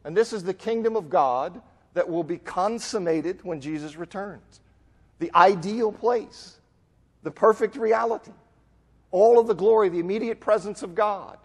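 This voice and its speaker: A man with a high-sitting voice preaches at a normal pace, his words carrying the big-room sound of a church auditorium. His sermon is a conversational Bible lesson, and he acts out the quoted voices as he goes.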